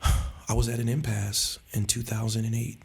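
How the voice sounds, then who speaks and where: Gravelly-voiced man telling a story. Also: on the low side, normal speed. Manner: animated storyteller who acts out quoted voices and laughs often. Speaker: pastor and church planter. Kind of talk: storytelling in a podcast conversation.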